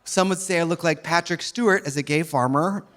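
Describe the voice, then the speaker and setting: This man performs drag stand-up at a fairly high pitch and a slightly fast pace. Campy and sardonic, he skewers people in quoted voices while a live audience laughs loudly around him.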